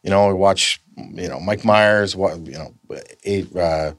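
A man with a fairly low voice talks as a guest on a podcast, easygoing and loose, cursing now and then and circling back mid-sentence. He is close to the mic in a dry studio. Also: unhurried, dry recording. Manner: relaxed, swears casually, trails off and restarts. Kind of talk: casual chat. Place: recording studio.

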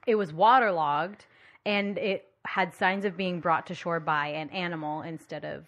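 A woman's voice: fairly low pitch, fairly even intonation, moderate pace, fairly bright tone. Bubbly woman telling a case. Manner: bubbly, giggly, pun-loving storyteller. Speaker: podcast host presenting the case. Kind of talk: casual chat.

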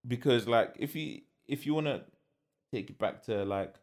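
A man's voice: mid-range voice, moderate pace, darkish tone. A young man, co-hosting a casual chat and giving his opinions in a laid-back way. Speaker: podcast co-host. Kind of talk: casual chat about UK rap beefs.

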